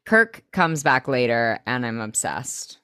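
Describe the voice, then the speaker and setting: A woman's voice: extremely low pitch, expressive, takes it slowly, sharp tone, smooth, no room sound, clean studio sound. A woman co-hosting a podcast, recapping an episode in a casual, wry, offhand way. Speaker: podcast co-host.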